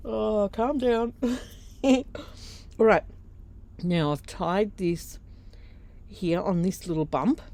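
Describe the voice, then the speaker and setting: Slow, mellow Australian woman crafting. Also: lowish voice. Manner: chatty, laughs often, rambling asides. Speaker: craft vlogger. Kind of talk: casual craft tutorial.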